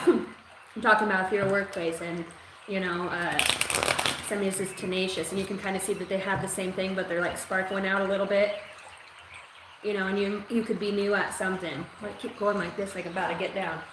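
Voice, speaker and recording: A woman's voice: mid-range voice, fairly quick. A woman giving a live-streamed psychic reading, talking in a rambling, profane, streetwise way. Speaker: psychic reader. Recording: echoey room with steady noise.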